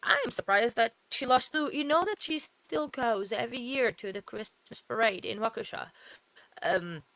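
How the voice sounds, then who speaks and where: A woman's voice: a little high, normal speed, a bit bright, no room sound. A woman hosting a late-night true-crime trial-watch livestream, tired and yawning, chatting casually in a rambling way with many fillers and self-corrections. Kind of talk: casual live commentary.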